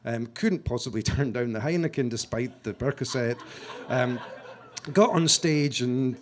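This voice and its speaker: A man from Scotland telling a story to an audience, self-mocking and halting, with frequent restarts, acting out what other people said. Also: mid-range voice. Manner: halting restarts and repeated words. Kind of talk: storytelling talk.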